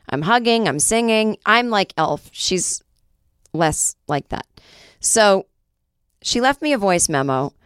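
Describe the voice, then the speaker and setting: A woman's voice: lowish voice, clear, resonant tone, no room sound, studio quality. A woman hosting a podcast in a casual monologue, joking and swearing, a little short of breath. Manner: profane, joking, animated. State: trouble breathing. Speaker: podcast host.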